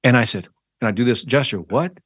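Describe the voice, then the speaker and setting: A middle-aged sales trainer tells a story in an interview, voicing each character with lively jumps in tone. His voice sits at an ordinary pitch. The sound is dry and close, with no room echo. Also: fast, breathy edge. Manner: animated, acts out the dialogue in his anecdotes. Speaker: sales trainer and motivational speaker.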